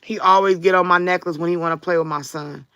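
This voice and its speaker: Woman reader running a live stream: very bright, sharp voice, dry close sound, chatty with viewers. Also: lowish voice, steady tone, quick pace, no room sound. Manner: chatty, greets and answers commenters by name. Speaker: tarot reader and livestream host. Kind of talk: casual livestream chat.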